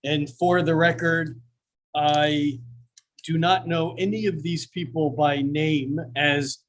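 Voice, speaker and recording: A man's voice: on the high side, steady tone, slow, slight background noise, low-quality recording. A man hosting a live astrology evening, telling stories and chatting in a rambling, self-deprecating way full of fillers, at a coffeehouse event. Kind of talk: casual live talk and storytelling.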